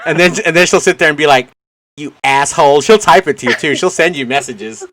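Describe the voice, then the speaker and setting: A man's voice: fairly high pitch, quick pace, crowd noise. A man hosting a casual podcast, teasing friends and telling stories about them. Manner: teasing, storytelling, mimics friends. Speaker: podcast host, streamer.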